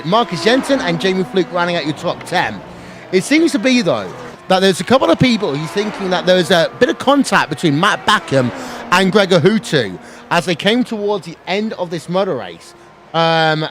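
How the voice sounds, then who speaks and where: A man giving fast, excitable play-by-play commentary on a sim race, building to shouts at the finish. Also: high voice, slight background noise.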